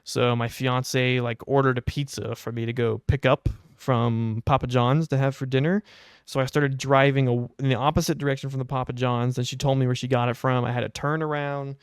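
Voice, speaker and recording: A young man co-hosting a podcast, telling a long story in a casual, exasperated, animated way. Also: mid-range voice, brisk, smooth, dry recording, studio quality. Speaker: podcast co-host.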